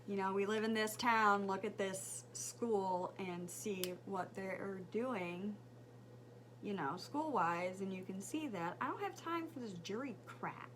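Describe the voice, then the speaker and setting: A woman's voice: mid-range voice, a little slow, a little hiss or hum. A woman in her thirties vlogging at home, chatting casually through a get-ready-with-me story and acting out conversations with her son. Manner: chatty, animated retelling, swearing freely.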